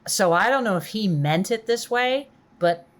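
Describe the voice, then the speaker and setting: A woman's voice: medium pitch, lively intonation, moderate pace. A woman who is a podcast guest, chatting casually and enthusiastically while hedging her opinions. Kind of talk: casual chat.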